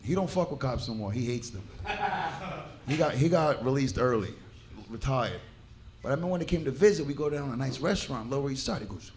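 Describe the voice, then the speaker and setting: A man doing profane, animated stand-up crowd work on a club stage. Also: mid-range voice, fairly quick, a little hiss or hum. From New York. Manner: brash, profane, animated banter with audience. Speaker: stand-up comedian.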